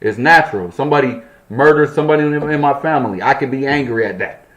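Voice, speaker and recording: A man's voice: medium pitch, fast, muffled recording. A young man host reading a numbered list aloud in his apartment, breaking off into profane, joking asides. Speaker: channel host. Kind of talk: reading a list with loose commentary.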